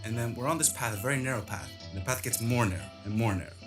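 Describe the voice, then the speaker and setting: A man's voice: mid-range voice, animated, rapid-fire, over music. A man telling a personal story casually, rambling with lots of fillers.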